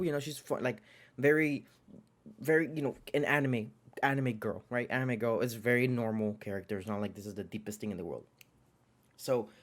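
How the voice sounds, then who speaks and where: Young man, mid-pitched, chatty reviewer, lots of likes and restarts, excitable jokey asides. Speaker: anime reviewer. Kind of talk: casual video review.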